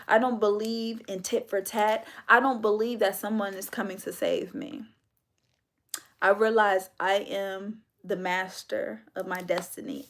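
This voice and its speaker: A woman hosting a livestream, delivering an emphatic, preachy, confrontational monologue. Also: medium pitch. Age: adult. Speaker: livestream host.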